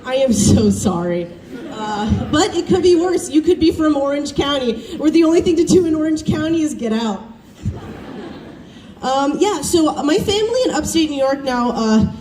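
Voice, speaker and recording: A young woman from the American South performing a self-deprecating stand-up set, chatty and animated as she tells family stories. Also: high voice, normal speed, slight background noise. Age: young adult. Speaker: student stand-up comic. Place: campus showcase stage. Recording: roomy, distant stage recording with faint ambience.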